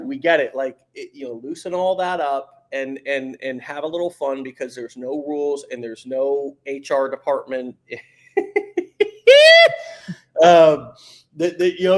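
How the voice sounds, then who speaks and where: A man's voice: fairly high pitch, a little mellow. A man hosting a podcast in casual motivational talk, emphatic and slangy, stumbling and repeating words as he gets going. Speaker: podcast host.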